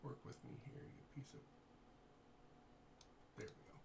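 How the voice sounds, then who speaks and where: A man's voice: a little slow, very noisy. Easygoing man running a tabletop game. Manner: easygoing, muttering to himself while fixing software. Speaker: game master.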